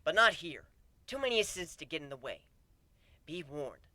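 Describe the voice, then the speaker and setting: A man voicing a vengeful dragoness who speaks in a low, hushed, menacing tone, in a storybook reading. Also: big pitch swings, normal speed, no room sound, full character voice. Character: menacing dragoness threatening revenge.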